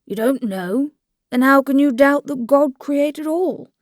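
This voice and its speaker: A woman's voice: mid-range voice, normal speed, dry recording, clean studio sound, close to an everyday voice. A woman reading the part of a weary, good-natured old priest who rattles off churchly phrases in a rote rush. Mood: hurried, patient.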